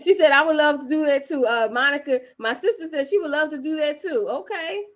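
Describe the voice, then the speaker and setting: A woman with a high voice hosts a casual live-streamed interview over a video call. She chats freely, restarts her sentences and reads viewer comments aloud. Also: fairly quick. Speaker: host of a live-streamed talk show.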